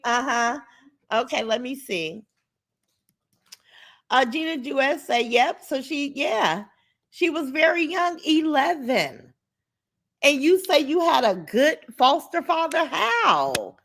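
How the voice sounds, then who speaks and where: Woman, high voice, livestream host, blunt, profane, chatty. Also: expressive, slow. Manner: blunt and profane, warm to viewers. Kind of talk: casual livestream chat reading comments.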